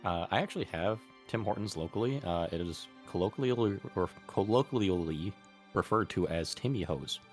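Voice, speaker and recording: A man's voice: low-pitched, animated, moderate pace, faint music behind. A man from New York who does voices, chatting and joking with fellow tabletop game players. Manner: joking, playful storyteller. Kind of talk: casual chat.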